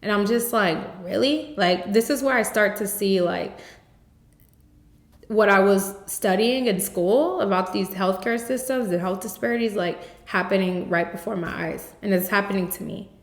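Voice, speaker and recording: A woman's voice: mid-range voice, moderate pace. A young woman hosting a podcast, telling her own story in a candid, emphatic way, full of "like" fillers and blunt swearing. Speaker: podcast host. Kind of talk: personal testimony, casual storytelling. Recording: roomy echoey recording.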